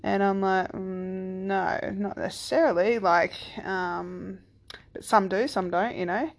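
Woman in her 30s or 40s rambling thru a personal story, gravelly fry, lots of likes and ums, swears a bit. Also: medium pitch, fairly even intonation, slow pace. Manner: rambling, full of "like" and "um", swears freely. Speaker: single parent telling a personal story.

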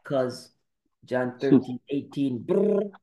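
A man's voice: medium pitch, steady tone, moderate pace, warm tone. A man preaching a sermon monologue, firing off terse Bible verse citations in a confrontational way. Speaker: podcast preacher. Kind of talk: scripture-citing sermon monologue.

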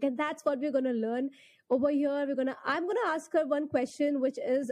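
A woman host with a high voice and a soft, dark tone introduces her guest's story. She wanders through her question, restarting and rewording it, in a dry, close recording. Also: no room sound. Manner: rambling, rephrases questions as she goes. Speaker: interview host. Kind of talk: casual interview questions.

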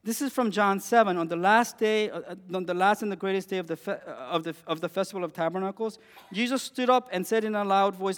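A man preaching a sermon in an earnest way, rising to emphatic phrases and dropping to quiet ones. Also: high-pitched, fast, big-room sound.

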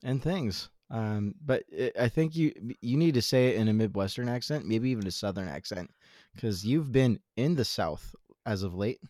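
A man's voice: lowish voice, lively intonation, moderate pace, a little mellow, no room sound, clean studio sound. Teasing man podcast co-host. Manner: teasing, playful. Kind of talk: casual chat.

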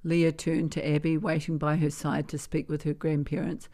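A woman reading a family story aloud in a calm, even narrating voice. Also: low-pitched, moderate pace.

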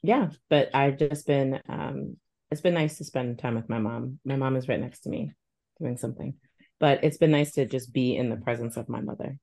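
A woman co-hosting a podcast in casual chat, relaxed and rambling, often trailing off quietly. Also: extremely low pitch, normal speed, creaky. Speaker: podcast co-host.

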